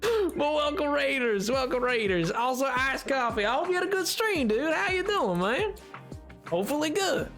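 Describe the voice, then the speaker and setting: A man's voice: high voice, sing-song, moderate pace, a bit bright, soft background music, exaggerated voice. Man putting on a folksy Southern cowboy. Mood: folksy cheerful. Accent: put-on American Southern. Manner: drawling, folksy phrases, breaks into laughter. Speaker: streamer. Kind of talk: live game stream chatter.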